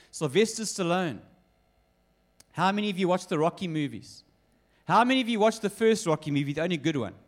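A man preaching a sermon, telling stories with acted quotes. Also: a little high. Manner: lively storytelling with acted quotes. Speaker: pastor.

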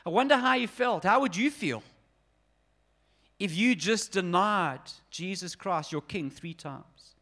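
High-voiced earnest preacher man, forties. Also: expressive, unhurried, bright, forceful tone. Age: 40s. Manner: earnest, emphatic, addresses listeners directly. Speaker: pastor. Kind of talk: sermon.

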